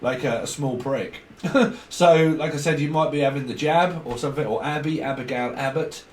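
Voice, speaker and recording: A man's voice: on the high side, normal speed. A man giving a rambling tarot reading. He chats casually, swears now and then, and acts out little snippets of dialogue. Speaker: tarot reader. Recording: echoey room with faint background noise.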